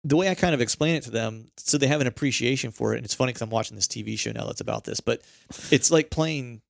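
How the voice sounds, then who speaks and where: Laid-back guy with a gravelly voice, chatting and rambling casually, dry close sound. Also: mid-range voice, quick pace, no room sound. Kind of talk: casual chat.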